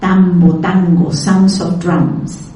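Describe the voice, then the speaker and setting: A woman from Argentina, giving a lecture in a slow, deliberate way, carefully spelling out each word. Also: on the low side, steady tone, dark tone. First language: Spanish. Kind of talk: lecture on language history. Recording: echoey room, speaker far from mic.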